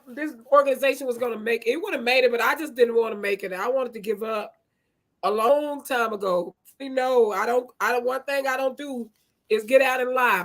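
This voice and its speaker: High voiced lady ceo getting all emotional and grateful, folksy, on a video call. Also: fairly bright tone. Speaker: nonprofit CEO. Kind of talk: emotional thank-you speech on a video call.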